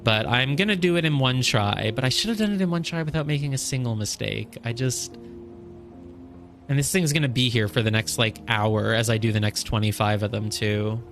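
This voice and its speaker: A man's voice: mid-range voice, brisk, fairly bright tone, faint music behind. A young man streaming a puzzle game, thinking aloud, counting squares and scolding himself over his mistakes. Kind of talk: casual live gameplay commentary.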